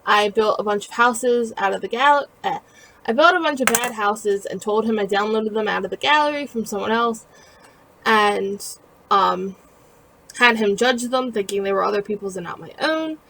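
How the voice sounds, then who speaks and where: A woman's voice: medium pitch, moderate pace, pushed and bright, a little hiss or hum, poor audio. A woman casually narrating her own building video in a chatty, rambling, self-deprecating way with lots of fillers, sounding tired. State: tired and yawning.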